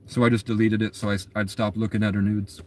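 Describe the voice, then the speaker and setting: A man's voice: lowish voice, flat delivery, quick pace. A young adult man telling a long story in a rambling, agitated way, in a casual monologue.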